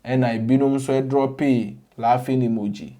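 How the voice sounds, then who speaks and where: A man with a Ghanaian accent hosts a casual entertainment gossip show. He talks in a chatty, code-switching way full of animated asides. His voice sits at an average pitch. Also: normal speed. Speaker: entertainment news host. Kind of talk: casual gossip commentary mixing English and Twi.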